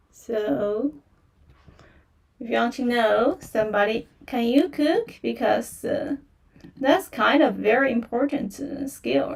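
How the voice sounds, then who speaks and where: A woman teaching beginner in a livestream, speaking slowly and patiently, repeating phrases and saying "yeah" often. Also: on the high side, creaky, recorded from a distance. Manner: slow and patient, repeats phrases many times, fillers like "yeah". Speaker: Chinese language teacher. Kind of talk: livestream language lesson.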